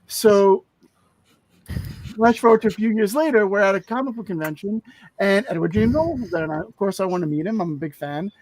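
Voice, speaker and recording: A man co-hosting a podcast, telling a long personal story in a casual, animated way and acting out the people he quotes. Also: fairly quick, rough recording. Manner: animated, acts out quotes with raised pitch. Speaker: podcast co-host.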